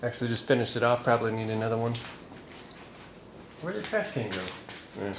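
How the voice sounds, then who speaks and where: A man's voice: medium pitch, expressive, fairly quick. Chatty man vlogging in noisy garage. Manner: chatty, joking, talking to the camera while working. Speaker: vlogger wrenching on a truck. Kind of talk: casual workshop vlog. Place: home garage or shop.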